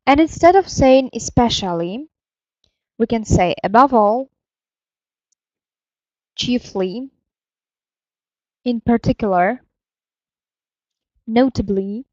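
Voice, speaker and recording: A woman teaching an English grammar lesson, explaining slowly and carefully with fillers and self-corrections. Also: on the high side, a little mellow, dry recording, muffled recording. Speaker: language teacher.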